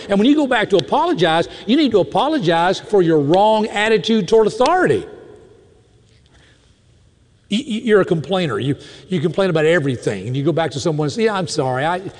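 Preaching at a fairly quick clip, a pastor uses a high, widely swinging voice to hammer home his message. He keeps the sermon animated with mock-indignant remarks to the congregation, and the audio echoes with the long reverb of a big hall.

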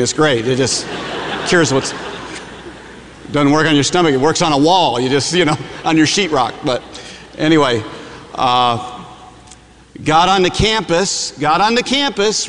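Michigan guy preaching, storytelling, jokey, lots of uhs, slightly high voice, hall echo. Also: a bit bright. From Michigan, USA. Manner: conversational, self-deprecating humor, frequent "uh"s. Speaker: campus preacher. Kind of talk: sermon with personal storytelling.

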